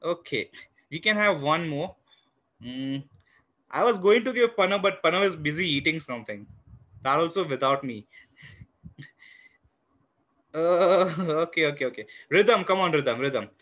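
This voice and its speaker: A man teaching a live online math class to young children, encouraging and patient, counting parts aloud and filling pauses with "you know", speaking into a computer mic on a video call. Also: on the high side, expressive, fairly bright tone.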